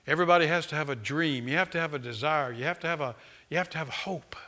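A man preaching a sermon as pastor, swinging from loud exhortation to quiet, close talk, with frequent amens and hallelujahs. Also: a little high, quick pace.

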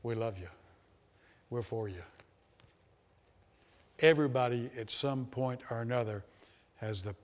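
A man preaching to a congregation with a steady mid-range voice, hammering points through repetition and dropping to hushed, earnest asides. His voice rings out in a hall with a long echo trailing behind it. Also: mid-range voice, a little slow, pauses often. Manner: emphatic, repetitive, shifts between loud and hushed. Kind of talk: sermon.

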